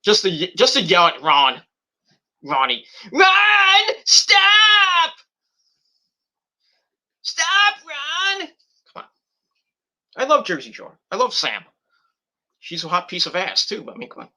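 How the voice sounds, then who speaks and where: Bright-voiced rambling man, lively pitch. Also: normal speed. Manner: rambling, profane, restarts often, shouts in bursts. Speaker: podcast host. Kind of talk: casual rambling chat.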